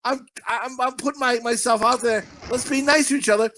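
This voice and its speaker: A man's voice: very high-pitched, steady tone, a little fast, bright, forceful tone. A man co-hosting a podcast, ranting bluntly and swearing constantly in casual chat. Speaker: podcast co-host.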